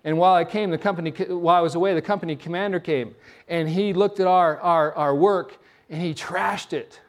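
A middle-aged man preaching a sermon, his voice sitting a little high for a man. He tells stories with energy and often stumbles into restarts and repeated words as he goes. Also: moderate pace. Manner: animated storytelling with frequent restarts and repeated words. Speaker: pastor.

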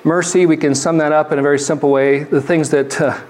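A male pastor with a slightly high voice preaching in a relaxed, conversational way. He tells jokey everyday stories and reads scripture slowly. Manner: deliberate scripture reading. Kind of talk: sermon.

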